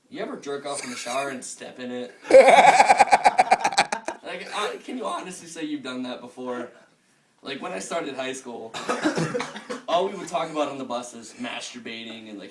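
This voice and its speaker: A young man doing a crude, rambling amateur stand-up set at home and laughing at his own jokes. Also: medium pitch. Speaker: stand-up comedian. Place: room at home. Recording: echoey room, camera far off, noisy.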